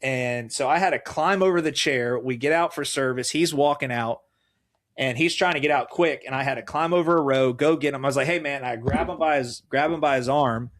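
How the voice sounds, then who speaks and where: A middle-aged man, a guest on a faith talk show, telling personal stories with lively acted-out dialogue. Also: medium pitch, fairly quick. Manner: animated storyteller, acts out quoted dialogue. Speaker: guest, mayoral candidate. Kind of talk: casual faith conversation.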